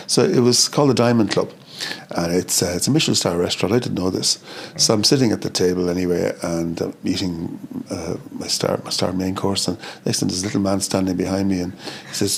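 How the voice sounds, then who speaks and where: Gravelly Irish man telling stories. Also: sits low. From Ireland. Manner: halting, repeats words, animated when quoting others. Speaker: podcast guest, chip shop co-founder. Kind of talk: casual interview storytelling.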